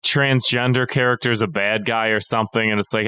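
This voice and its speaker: Man, podcast co-host, bright crisp voice, dry asides. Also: lowish voice, steady tone, fairly quick, no room sound. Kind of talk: casual podcast chat.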